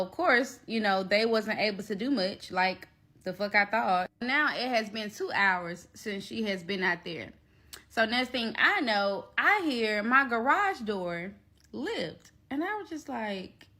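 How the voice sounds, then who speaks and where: Woman telling her story, swears a lot, mid pitch, acts out everybody. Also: moderate pace. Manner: blunt, profane, animated retelling with quoted voices. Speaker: storyteller recounting a personal ordeal. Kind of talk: casual storytime vlog.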